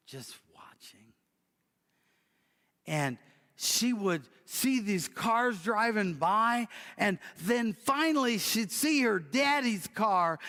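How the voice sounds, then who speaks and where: A man preaching and telling a story, swinging from loud bursts to near whispers. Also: high voice. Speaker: pastor. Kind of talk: sermon storytelling. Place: church sanctuary. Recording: long church hall reverb.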